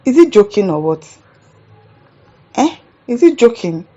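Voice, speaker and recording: A woman's voice: on the high side, sing-song, unhurried, mellow, dull audio. A woman with a Nigerian accent hosting a commentary show, reacting to viewer comments in an exasperated, indignant rant.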